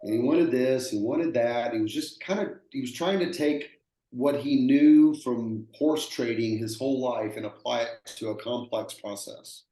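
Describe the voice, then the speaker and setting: An earnest man with a Texan accent, speaking at a middle pitch, tells workaday stories in a plain, repetitive way. He sounds like he is in a room with a clear echo. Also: moderate pace, dark tone. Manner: earnest, plainspoken, repeats himself and acts out quoted voices. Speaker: roofing contractor, guest. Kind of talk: conversational storytelling. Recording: echoey room.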